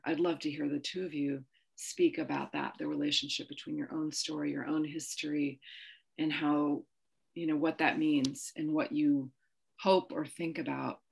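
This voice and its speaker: A woman's voice: deep voice, gravelly, slightly rough. A woman chairing an online panel discussion, posing thoughtful open questions to her guests over a video call.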